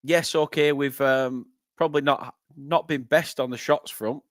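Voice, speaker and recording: A young northern English man hosting a live football watchalong, chatting with viewers and breaking into excited play-by-play. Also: medium pitch, measured pace, no room sound, studio quality. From northern England. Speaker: fan channel host.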